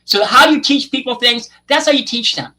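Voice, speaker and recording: A man co-hosting a podcast, chatting casually and telling stories with drawn-out emphasis and frequent "okay?" checks. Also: very high-pitched, bright, forceful tone, poor audio. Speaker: podcast co-host.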